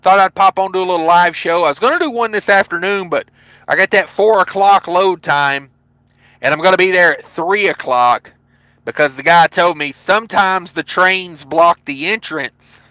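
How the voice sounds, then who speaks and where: A man's voice: high voice, normal speed, pushed and bright, no room sound, low-quality recording. A man with a Southern accent from Tennessee, a trucker hosting a casual livestream from his truck cab, reading viewer comments with laid-back, jokey asides. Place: parked truck cab at a truck stop.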